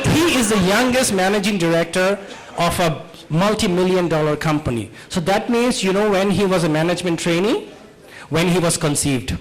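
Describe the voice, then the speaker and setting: A man from Bangladesh doing a stand-up comedy set on a club stage, jumping into quick character voices. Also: high-pitched, background noise.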